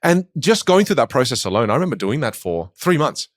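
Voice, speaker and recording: A man with an Australian accent, a speech coach talking in a podcast interview with quick, emphatic storytelling. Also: mid-range voice, big pitch swings, dry recording, studio quality.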